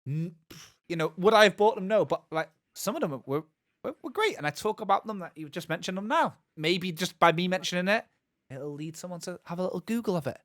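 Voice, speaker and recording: A man's voice: high voice, lively intonation, fairly quick, fairly bright tone, no echo, studio quality. A man co-hosting a gaming podcast, talking casually and rambling with lots of restarts and asides. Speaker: podcast co-host. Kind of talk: casual chat.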